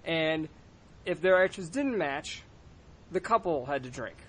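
Man, podcast host, casual storytelling, profane, animated, slightly high voice. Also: measured pace.

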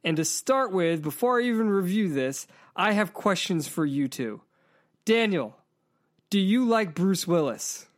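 A man hosts a casual podcast where he reviews movies, joking and laughing as he talks in an animated way. His voice sits high and his pace is measured.

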